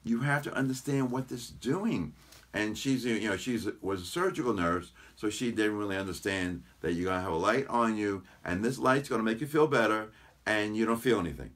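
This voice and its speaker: A man, a chiropractor, chatting as an interview guest and telling lively stories about his patients. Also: lowish voice, a little fast. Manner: animated anecdotes, quotes patients in voices. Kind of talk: casual interview storytelling.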